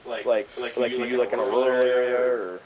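A man, an excitable gamer in casual chat who repeats himself. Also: medium pitch, normal speed, muffled recording, over a noisy crowd. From American South. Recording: players chatting over loud game noise.

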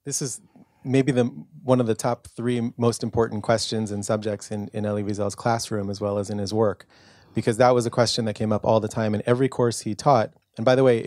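Low-voiced man answering at a book talk. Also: darkish tone, dry recording, studio quality. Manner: earnest, storytelling, frequent fillers and restarts. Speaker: author and lecturer at a book talk. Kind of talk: answering audience question. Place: bookstore event room.

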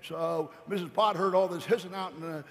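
Man, motivational storytelling, playful, rambling, high voice, echoey convention hall. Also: fairly even intonation, brisk, vocal fry, fairly bright tone. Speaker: company founder speaking on stage. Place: large convention hall stage.

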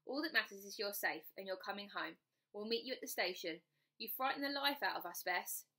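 A woman voicing a gentle, tearful and forgiving mother who speaks softly and soothingly, in a storybook reading. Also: medium pitch, animated, brisk. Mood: relieved. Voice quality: soft, soothing.

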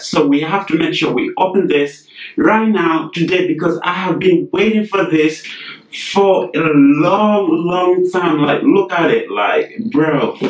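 A man's voice: a little high, recorded from a distance. A young man gushing through an unboxing vlog. He keeps exclaiming and repeating himself. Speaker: vlogger. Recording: echoey room, voice off mic, faint noise.

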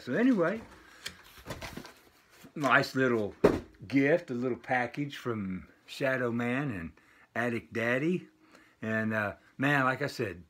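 An older man casually showing off a package of vinyl records, rambling with lots of filler pauses. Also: medium pitch, fairly bright tone, slightly rough. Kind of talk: casual unboxing vlog. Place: home with dogs barking nearby.

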